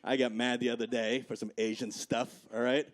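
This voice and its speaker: A Midwestern man in his forties does a stand-up set on a comedy club stage, chatty and conversational, tagging lines with "right?" and "okay?" as the audience laughs. His voice is medium-pitched, brisk and flat in delivery.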